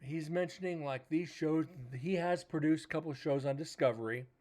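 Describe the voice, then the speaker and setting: A man's voice: fairly high pitch, fairly quick, a little mellow. A man hosting a paranormal livestream, casually telling a rambling story, swearing now and then and retelling conversations as quoted dialogue. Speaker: paranormal show host.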